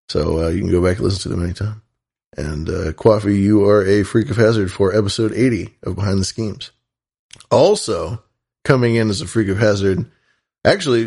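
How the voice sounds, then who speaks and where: This man's voice sits on the low side with noticeable vocal fry. Co-hosting a laid-back podcast, he cracks jokes and reads listener thank-yous aloud.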